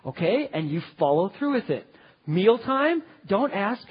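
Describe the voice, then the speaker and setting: A man teaching parenting in sermon style, animated, often checking in with "okay?". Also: high voice, measured pace, slightly rough. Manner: animated, acts out parents and kids, keeps asking "okay?". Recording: dull, lo-fi hall with long reverb.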